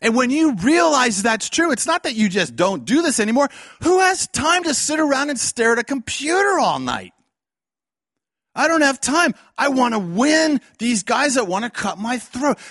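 A man preaching a fiery sermon, swinging between loud outbursts and hushed lines and acting out the voices he quotes. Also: very high voice, no room sound, clean studio sound.

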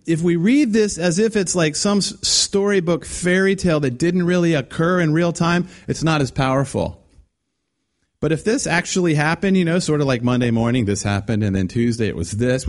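A man's voice: fairly high pitch, darkish tone. A man preaching a conversational sermon, acting out quoted voices with many restarts. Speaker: guest preacher.

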